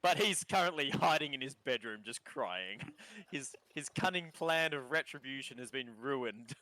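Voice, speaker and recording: A man's voice: medium pitch, lively intonation, normal speed, pushed and bright, no room sound. A man with an Australian accent narrating a tabletop game as game master, loose and often laughing.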